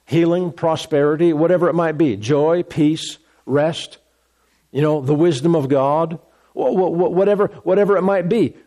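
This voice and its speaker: A man's voice: fairly high pitch, normal speed, warm tone. A man preaching a sermon, emphatic, repeating phrases and restarting mid-sentence.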